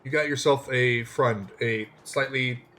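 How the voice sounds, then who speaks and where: A man's voice: medium pitch, fairly even intonation, measured pace, bright, forceful tone. A man streaming a game live, making jokey, chatty asides to his viewers. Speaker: gaming streamer. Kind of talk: casual live-stream commentary.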